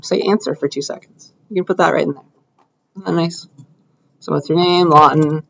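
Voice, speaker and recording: This lecturer's voice runs high and gravelly, and the audio loses its upper frequencies. Speaking casually in a lecture room, he writes code live for his programming class and keeps asking whether students are following.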